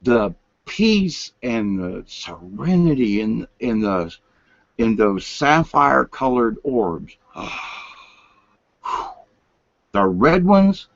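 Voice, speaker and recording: Older guy rambling late at night, slow and draggy, dull lo-fi sound. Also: medium pitch, gravelly, no room sound. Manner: folksy, meandering, drops to whispers. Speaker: vlogger. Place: home room, lights turned down.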